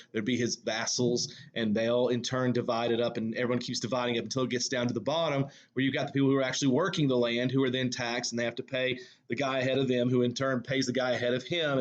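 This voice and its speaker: A man's voice: mid-range voice, muffled recording. Southern-accented male teacher lecturing casually. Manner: conversational, many fillers and self-corrections. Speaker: high school English teacher. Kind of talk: recorded classroom lecture.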